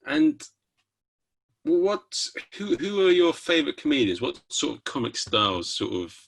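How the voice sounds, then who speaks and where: A podcast host with a bright, husky voice, throwing out short questions and joking asides. He talks casually with his guest, as if over a call. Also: a little high, very animated, unhurried.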